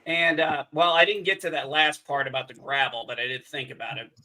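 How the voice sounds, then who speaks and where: A man's voice: fairly high pitch, fairly even intonation, a little fast, bright, forceful tone, far from the mic, poor audio. A man in casual chat, swearing a lot while telling a story and acting out angry lines. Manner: profane storyteller, acts out heated quotes.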